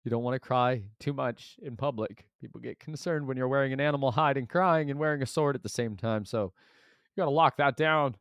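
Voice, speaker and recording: A man in his thirties, a sleep-deprived father of twins, rambling through a casual vlog monologue with sudden loud bursts. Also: mid-range voice, brisk, clean tone, dry recording, clean studio sound.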